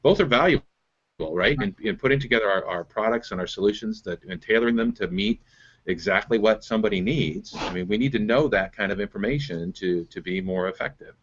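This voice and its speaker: A man's voice: fairly low pitch, brisk, fairly bright tone, lo-fi sound. A man hosting as a business coach, explaining methods step by step and checking in with "right?". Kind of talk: coaching conversation on a call.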